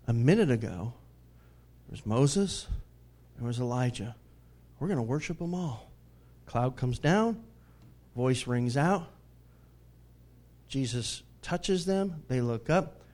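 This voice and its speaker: A male pastor preaching a sermon in a conversational style. He swings between booming emphasis and hushed asides, often chuckles, and asks his listeners questions. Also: animated, takes it slowly, pauses often.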